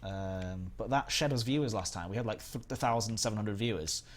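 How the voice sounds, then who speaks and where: He's a Northern English man from England running a casual gaming broadcast, talking brisk and fairly low-pitched. Chatty and meandering, he keeps reading comments from his viewers aloud.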